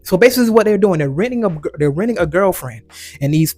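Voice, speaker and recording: A man's voice: high-pitched, animated, fast, a little mellow, dry recording, soft background music. Rambling man giving his opinion, dry sound. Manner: rambling, frequent restarts and quoted impressions. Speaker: commentary channel host. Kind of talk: casual opinion monologue.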